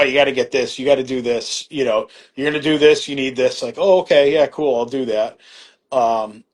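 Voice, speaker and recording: A middle-aged man talking as a podcast guest, in a loose, rambling way, full of fillers and restarts, acting out quoted back-and-forth exchanges and swearing casually. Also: mid-range voice. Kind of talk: casual storytelling conversation.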